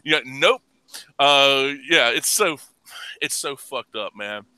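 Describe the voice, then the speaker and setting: A man hosting a casual podcast chat, ranting with heavy profanity and bursting into loud laughs. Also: medium pitch, lively intonation, slow, smooth, no room sound, poor audio. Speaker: podcast host.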